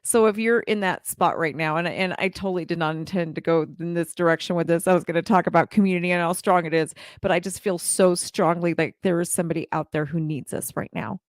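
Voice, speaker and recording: A woman's voice: on the low side, fairly even intonation, fast talker, few pauses, dry recording, studio quality. A woman in her forties gives a heartfelt motivational talk to live viewers as a community leader, speaking earnestly and repeating her phrases.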